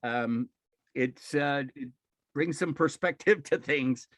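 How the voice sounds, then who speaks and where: American male presenter on a video call, mid-pitched, halting with fillers and soft laughs, dry sound. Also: dry recording. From United States. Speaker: nonprofit leader giving a webinar talk. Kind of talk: casual webinar presentation.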